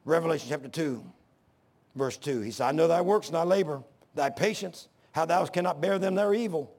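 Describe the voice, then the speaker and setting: An older man preaching a sermon, swinging from shouting to hushed storytelling, with a gravelly, husky voice. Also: fairly high pitch, a little fast. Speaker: pastor.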